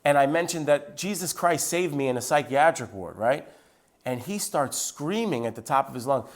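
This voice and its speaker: A man telling a personal faith story in a lively, conversational way, acting out the dialogue as he goes. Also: mid-range voice, normal speed. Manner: acts out quoted dialogue with lively shifts; conversational, with "like" and "right?" asides. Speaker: Christian speaker sharing his testimony.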